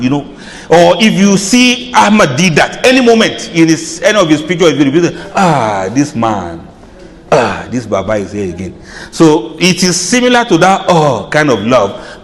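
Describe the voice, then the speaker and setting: A man's voice: fairly high pitch, big-room sound. A man giving an Islamic lecture, chatty and humorous, laughing at his own asides. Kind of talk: lecture to an audience.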